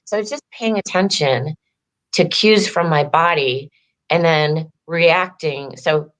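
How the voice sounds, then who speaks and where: Speaking slowly in a low, slightly bright voice, this empowerment coach shares her story during a relaxed interview. Her talk is chatty and full of "like," and she performs the quotes she recounts.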